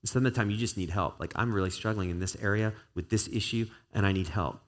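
A man's voice: on the low side, fast talker. A man, a pastor, preaching an earnest and conversational sermon to his church, with a stretch of spoken prayer.

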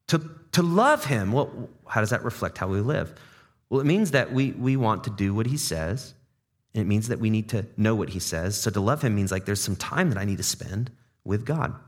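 A man preaching a sermon as pastor to his congregation. He talks in a conversational way, asks the room questions, repeats words as he thinks aloud and drops in dad jokes. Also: fairly low pitch. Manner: jokey dad-joke asides. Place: church service before a congregation.

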